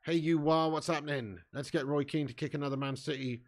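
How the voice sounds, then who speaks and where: A young man hosting a live football watch-along, bantering with his chat and swearing freely, getting loud when a chance comes. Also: a little high, steady tone, fairly quick.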